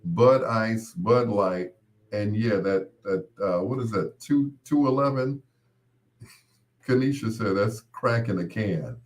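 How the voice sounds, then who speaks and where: A man hosting his own show, telling rambling casual stories with laughs and quick mimicked voices of others. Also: lowish voice. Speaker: podcast host. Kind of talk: casual storytelling monologue.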